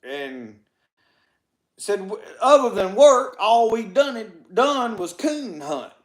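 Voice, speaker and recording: A man's voice: sits high, sing-song, slow pace, echoey room. Folksy Mississippi man spinning tall tales. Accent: Mississippi Southern. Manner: rambling, folksy delivery with repeated "said" and "he said". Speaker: storyteller. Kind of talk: Southern folk tall tales told to a live audience.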